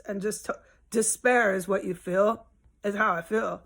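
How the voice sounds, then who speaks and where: Woman, mid-pitch, casual vlog rant at home; rambling, exasperated, swears freely. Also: unhurried. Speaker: vlogger. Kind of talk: casual venting monologue.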